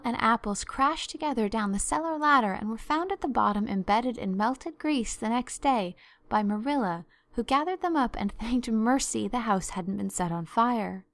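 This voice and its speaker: A woman reading a classic novel aloud with measured, expressive storytelling. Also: a little high, no echo. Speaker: audiobook narrator. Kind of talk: scripted narration of a classic novel.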